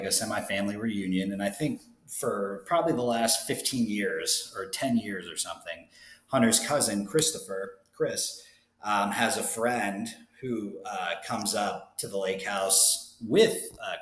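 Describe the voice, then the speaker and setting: A young man with a slightly low voice chats through a fantasy league recap. He rambles, fills pauses with ums and drops wry asides. The room around him is echoey. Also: fairly bright tone. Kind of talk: casual chatty recap.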